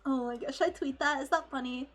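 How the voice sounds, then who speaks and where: A woman streaming live as a VTuber, chatting casually with her chat, giggly and excitable, swearing freely and squealing as she thanks viewers. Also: high-pitched, quick pace. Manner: talks to chat, thanks subscribers.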